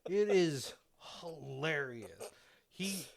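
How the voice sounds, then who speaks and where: A man co-hosting a casual movie commentary podcast, excitedly retelling scenes, acting out the characters' lines and laughing often. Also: on the high side, drawn-out words, a crowd in the background. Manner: animated retelling, acting out quotes, frequent laughter. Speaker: podcast co-host.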